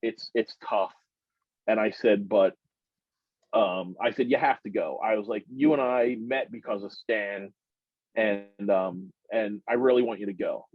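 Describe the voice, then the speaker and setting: A middle-aged man, a guest on a podcast, rambles through a casual personal tale, his voice rising sharply in pitch whenever excitement takes hold. He speaks unhurriedly in a husky tone. The sound is muffled and dry, with no echo.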